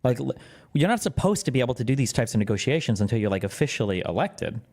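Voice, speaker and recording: A man's voice: medium pitch, very animated, fast, a little mellow. A man streaming reactions to a press conference, making sarcastic and profane asides. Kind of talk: casual reaction commentary.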